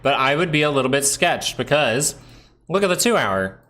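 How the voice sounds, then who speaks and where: A man hosting a live stock market stream, chatting casually over charts, excitable and asking himself questions as he thinks aloud. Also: mid-range voice, normal speed. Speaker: stock market livestream host.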